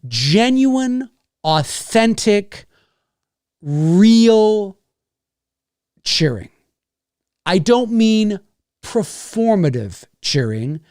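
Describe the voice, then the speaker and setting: A man's voice: fairly high pitch, a little mellow, no echo, clean studio sound. A man hosting a casual livestream rant, rambling and swearing, with many restarts. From Canada. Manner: rambling, profane, frequent restarts. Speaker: YouTube host.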